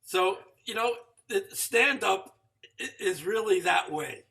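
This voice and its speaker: A man hosting an interview show, who reacts to his guest with quick interjections and laughs and shares his own memories. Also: sits high, expressive, sharp tone. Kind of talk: casual interview chat.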